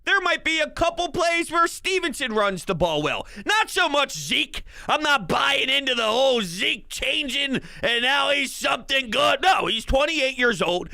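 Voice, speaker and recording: A man hosting a sports show, talking as a hyped fan who rambles, jokes and breaks into shouted bursts. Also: extremely high pitch, vocal fry, dry recording. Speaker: sports podcast host. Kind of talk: excited sports talk monologue.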